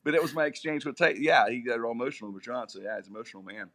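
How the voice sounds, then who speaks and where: A middle-aged man, a radio personality, telling comic stories in a lively, animated way. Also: racing. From Pittsburgh area, USA. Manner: lively, comic, with big swings in pitch. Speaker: radio personality and podcast host, guest. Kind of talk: animated storytelling.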